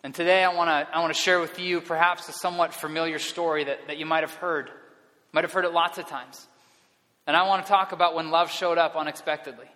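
A man's voice: a little high, pushed and bright. Earnest male pastor in a reverberant hall. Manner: earnest, repeats words as he restarts. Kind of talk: sermon.

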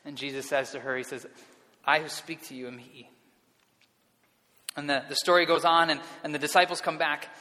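A man's voice: a little high, fairly even intonation, moderate pace, pauses often, pushed and bright. A man preaching a sermon as pastor, earnest and often repeating words as he restarts his sentences. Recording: long reverb of a hall.

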